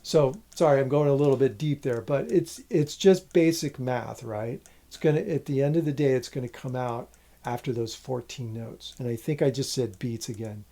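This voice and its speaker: A man's voice: medium pitch, moderate pace. A man teaching a rhythm lesson in a casual way, explaining counts and apologizing for his slips as he goes. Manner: counts rhythms aloud while playing; relaxed, apologetic asides. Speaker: music teacher. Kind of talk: casual instructional talk.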